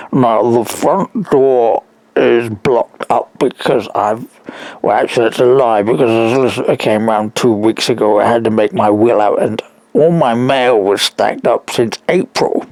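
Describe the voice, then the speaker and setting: A weak man on a phone call who tells his story in a rambling, halting way, full of restarts and asides. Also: mid-range voice, a little mellow, no room sound. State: weak and struggling to breathe. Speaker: caller.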